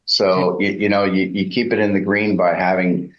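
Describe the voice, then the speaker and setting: A man's voice: deep voice, level tone, moderate pace. A man coaching real estate agents, emphatic and acting out example lines. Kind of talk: coaching session talk. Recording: echoey, dull lo-fi sound.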